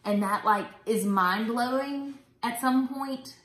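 A woman's voice: fairly high pitch, takes it slowly, fairly bright tone. A woman hosting a casual Bible study talk, chatty and enthusiastic. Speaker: host. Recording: roomy echo.

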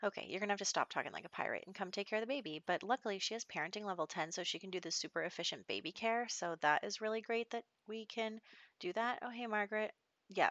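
A young adult woman hosts a let's play, casually narrating her life-simulation game in a chatty, rambling way and laughing often. Her voice is fairly low and a bit bright, recorded dull and dry on a home mic.

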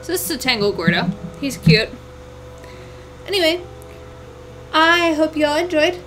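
A woman hosting a let's play, chatting through the game and breaking into excited squeals and exclamations. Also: high voice, normal speed, a little hiss or hum, poor audio. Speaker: gaming channel host.

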